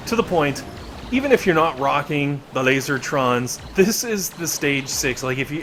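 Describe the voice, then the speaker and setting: A man's voice: medium pitch, a bit bright, slight background noise. A man giving casual, rambling gameplay commentary with joking asides. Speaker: gaming video creator.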